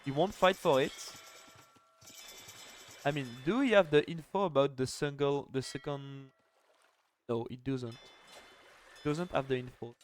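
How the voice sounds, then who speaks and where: A man's voice: medium pitch, measured pace, long pauses, a little hiss or hum. A young man casting a live strategy game final, chatty and joking, with lots of "like" fillers. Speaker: esports caster.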